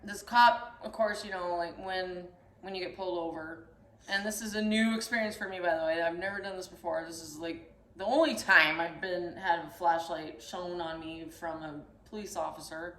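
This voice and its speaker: Animated young woman telling a story. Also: lowish voice, moderate pace, a little hiss or hum. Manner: animated, acts out voices in her story. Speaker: storyteller host. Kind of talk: casual chat, telling a story. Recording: echoey room.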